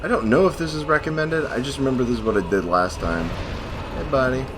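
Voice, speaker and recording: A man's voice: medium pitch, sing-song, fast talker, background noise. A man commenting casually as he plays a hard video game, rambling, cursing and mocking himself. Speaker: gameplay host. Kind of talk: let's play commentary.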